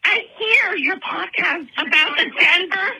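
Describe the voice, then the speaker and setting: A woman leaving excited voicemails on a podcast line, rambling, laughing and tearful as she talks. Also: very high-pitched, unhurried, slight background noise. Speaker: voicemail caller. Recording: tinny phone voicemail. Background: people talking.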